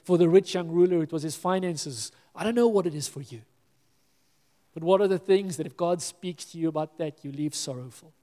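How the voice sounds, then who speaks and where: A man's voice: a little high, a little fast, dark tone, long reverb tail. A man preaching a sermon as pastor, earnest and pleading, sometimes dropping to a near-whisper.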